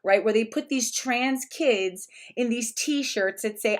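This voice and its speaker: A woman's voice: fairly high pitch, slow pace. Woman in a rambling, casual commentary. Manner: rambling, with many restarts and fillers.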